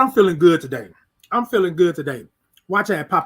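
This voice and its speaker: A fairly high-voiced man chats live with his viewers. He repeats warm affirmations and calls out names one by one. His voice jumps from loud bursts to soft asides. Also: expressive, fairly quick, slightly rough. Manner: warm, repetitive affirmations, shouts out viewers by name. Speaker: host of a morning livestream. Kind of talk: casual live-stream chat with viewers.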